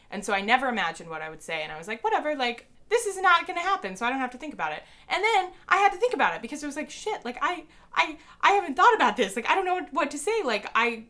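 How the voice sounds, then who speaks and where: A young woman vlogger telling a story in casual, excited rambling speech, full of fillers. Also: medium pitch.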